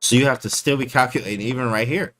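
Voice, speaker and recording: A man casually breaking down his chess game for his stream chat, slangy and animated, often calling people bro. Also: mid-range voice, fast.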